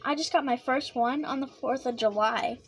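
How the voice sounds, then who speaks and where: A woman vlogging a casual snack taste-test, excitable and giggly, chatting while she eats with her mouth full. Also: sits high, moderate pace, breathy edge.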